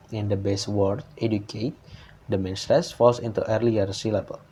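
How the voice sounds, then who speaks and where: Guy reading his class slides, lowish voice, lots of uh and restarts, bit of background hiss. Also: a little mellow. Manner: halting, frequent uh fillers and restarts. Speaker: student presenter.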